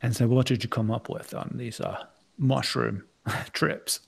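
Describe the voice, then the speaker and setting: A man's voice: medium pitch, steady tone, a little slow, vocal fry, breathy edge. A man hosting a casual live stream, teasing his guests and laughing often. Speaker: stream host.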